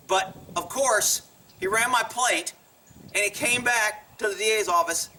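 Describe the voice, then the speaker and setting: A man's voice: high voice, moderate pace, far from the mic, background noise. A man casually telling a personal story to the camera, chuckling often and acting out the people he quotes.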